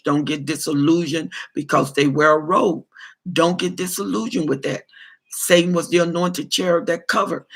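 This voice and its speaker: Man pastor on a livestream: gravelly, fairly high voice, preachy, repeats himself for emphasis. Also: fairly bright tone. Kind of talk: livestream talk answering viewer comments.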